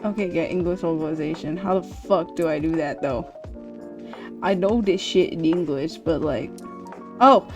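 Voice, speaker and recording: A woman streaming a game, excitable and casual, swearing freely and laughing often. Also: deep voice, normal speed, music in the background.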